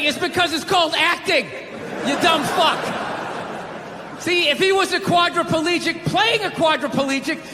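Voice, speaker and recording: A stand-up comedian ranting and shouting with cursing through a set in a big live venue. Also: male voice, very high-pitched, noisy background. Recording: live stand-up in big reverberant hall with loud crowd.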